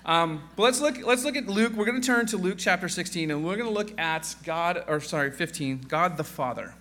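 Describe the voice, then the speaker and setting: High-pitched, animated and brisk, a man in his thirties preaches as a guest pastor, delivering a casual sermon laced with jokes, fillers and restarts. During prayer his voice drops quieter.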